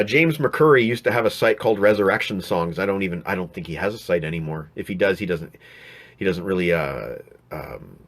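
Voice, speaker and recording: Casual male streamer at home, mid-pitched, loose rambling delivery while reading out viewer comments. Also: fairly bright tone. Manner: rambling, frequent restarts and fillers. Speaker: live stream host.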